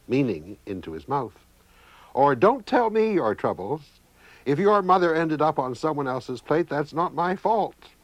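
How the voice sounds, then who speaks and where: A man's voice: a little high, dry recording, pitched above the performer's own voice, poor audio. A man voicing an eccentric man who talks to his food, fussy and overly polite.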